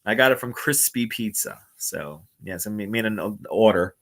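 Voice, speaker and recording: A man's voice: fairly low pitch, moderate pace, fairly bright tone. A man chatting playfully on a livestream, reading comments and laughing often. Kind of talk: casual live chat reading comments. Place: indoors at home. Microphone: wireless clip-on mic.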